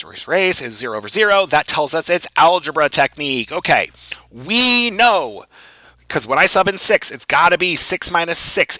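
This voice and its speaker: A man lecturing on math for a video lesson, thinking aloud as he writes and poking fun at himself. His voice is bright and lively, rising and falling a lot, recorded dry and close. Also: a little high, no echo, low-quality recording. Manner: animated, self-joking, thinks aloud while writing. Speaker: math instructor.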